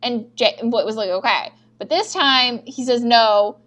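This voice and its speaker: A woman's voice: a little high, normal speed, fairly bright tone, lo-fi sound. A young woman co-hosting a podcast, animatedly retelling TV scenes with quoted dialogue and frequent swearing. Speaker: podcast co-host recapping episodes. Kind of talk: casual chat.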